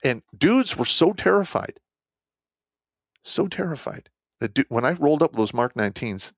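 A man's voice: normal speed, no room sound. Blunt, profane man with a dry close sound. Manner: animated, swings between loud outbursts and low asides. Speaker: army veteran telling a war story. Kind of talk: casual storytelling.

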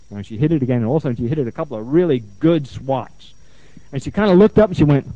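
Animated male therapist telling stories. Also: medium pitch, fast, dry recording. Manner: animated storytelling, repeats phrases for emphasis. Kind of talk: lecture with anecdotes. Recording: dull, muffled lo-fi sound.

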